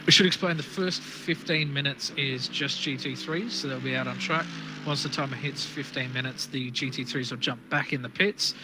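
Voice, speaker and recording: Young aussie guy calling a sim race, cheeky banter, mid pitch, noisy stream mic. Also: steady tone. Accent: Australian. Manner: joking, quick banter. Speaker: race commentator. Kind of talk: live sim racing commentary.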